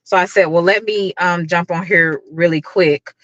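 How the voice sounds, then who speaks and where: A woman's voice: fairly low pitch, fairly even intonation, normal speed, fairly bright tone, no echo, lo-fi sound. A middle-aged woman hosting a casual livestream, greeting viewers by name and talking with lots of fillers. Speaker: YouTube livestream host.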